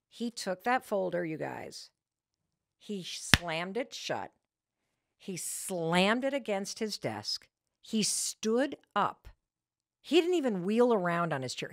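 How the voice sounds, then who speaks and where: A woman in her fifties hosting a podcast, telling a personal story in an emphatic, self-deprecating way with quick bursts of speech. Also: mid-range voice, fairly bright tone, no echo, studio quality. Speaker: podcast host.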